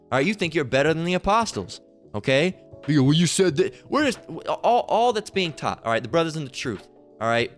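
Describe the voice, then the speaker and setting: A man's voice: fairly high pitch, a bit bright. A man giving heated religious commentary. He talks bluntly and profanely and keeps checking in with "all right?".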